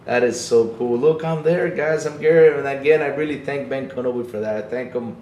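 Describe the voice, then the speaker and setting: A man hosting a casual livestream podcast, talking excitedly to his chat and repeating himself often. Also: mid-range voice, a little fast, reverberant, lo-fi sound. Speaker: podcast host streaming to chat.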